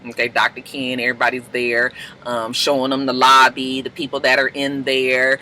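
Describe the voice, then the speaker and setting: A woman's voice: extremely low pitch, completely flat delivery, moderate pace, sharp tone, a little hiss or hum, poor audio. A woman casually recapping a TV episode as a reviewer, chatty and slangy, breaking into laughter often.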